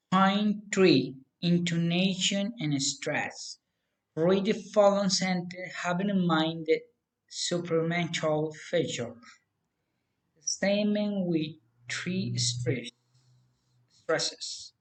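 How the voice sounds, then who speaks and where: Woman, student, pronunciation drill reading, very slow, careful, lowish voice. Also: poor audio. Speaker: language student.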